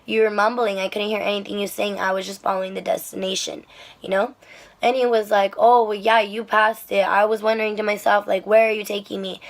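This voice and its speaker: A young woman telling a rideshare-driving story to the camera in a chatty, animated way, with lots of fillers and swearing. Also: medium pitch, fairly quick, vocal fry. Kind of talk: casual storytelling vlog.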